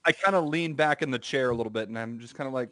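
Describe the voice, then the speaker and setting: A man telling a long, rambling story on a casual podcast, at a middle pitch. The sound is dry and close. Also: a bit bright, no echo. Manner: drawn-out anecdotes with many fillers. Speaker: podcast co-host.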